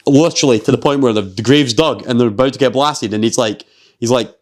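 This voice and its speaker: A Scottish man chats on a podcast, his voice sitting at an ordinary middle pitch. He retells a story with lively energy, swearing freely and scattering fillers through every sentence. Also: quick pace. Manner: animated storyteller, swears freely, heavy use of "like". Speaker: podcast host. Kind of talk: casual chat.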